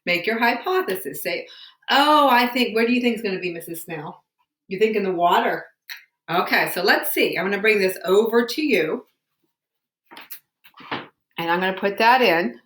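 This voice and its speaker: A woman teacher with a bright voice, leading a science lesson from home. She asks patient, encouraging questions, and her voice rings in an echoey room. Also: mid-range voice, normal speed, long pauses.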